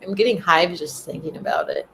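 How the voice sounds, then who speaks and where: A woman's voice: sits low, wildly swooping pitch, a little fast, gravelly, a bit bright, slight background noise, rough recording. A woman chatting casually and rambling on a livestream, laughing often as she tells stories. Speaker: spiritual content creator.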